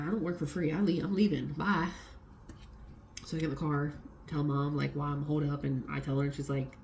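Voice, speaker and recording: Low gravelly woman telling a storytime. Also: slight background noise. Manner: swearing, animated retelling with quoted voices. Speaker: vlogger. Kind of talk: casual storytime.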